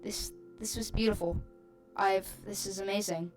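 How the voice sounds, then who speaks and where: A woman's voice: medium pitch, steady tone, normal speed, a little mellow, soft background music. A woman hosting her channel, reading a rhyming online post aloud with amused, giggly asides.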